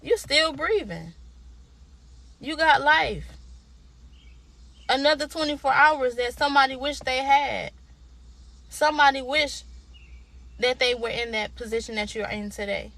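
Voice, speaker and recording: Emphatic, high-voiced woman giving an inspirational talk. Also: measured pace, gravelly, long pauses, bright, forceful tone. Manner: emphatic, repetitive, preacher-like exhortation; informal, colloquial. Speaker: motivational speaker. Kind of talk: inspirational direct-to-camera talk.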